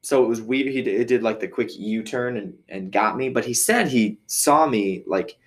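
A man's voice: medium pitch, moderate pace. A man from Michigan hosting a podcast, telling a story casually and rambling with many fillers and restarts. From Michigan, USA. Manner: acts out others' voices when quoting. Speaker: podcast host.

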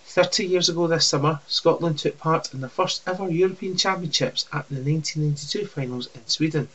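A man, the podcast host, reading a scripted introduction at a steady pace. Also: a little high, slightly rough, poor audio.

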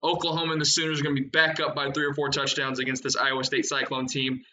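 A young man hosting a sports betting podcast, rattling off picks and odds in a fast, excited way. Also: medium pitch, poor audio. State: out of breath. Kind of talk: energetic podcast chat.

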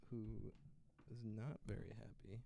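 A man's voice: lowish voice, fairly even intonation, a little slow, vocal fry, heavy background noise. A young man co-hosting a podcast, chatting casually in a teasing, crude, playful manner. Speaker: podcast co-host. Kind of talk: casual chat.

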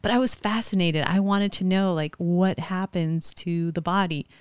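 A woman's voice: fairly low pitch, fairly even intonation, moderate pace, smooth, no room sound, clean studio sound. A woman from California telling stories in a casual interview, chatty and quoting others as she goes. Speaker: guest, forensic investigator.

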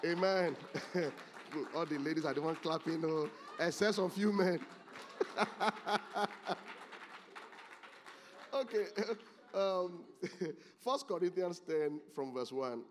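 Man, pastor, sermon, animated, slightly high voice, quiet asides and loud exclamations. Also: unhurried, crowd noise, background noise.

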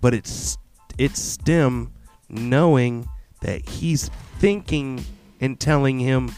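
Gravelly young man retelling a movie. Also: medium pitch, slow pace, no room sound, faint music behind. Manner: swearing, animated storyteller, lots of fillers. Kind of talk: casual chat retelling a movie.

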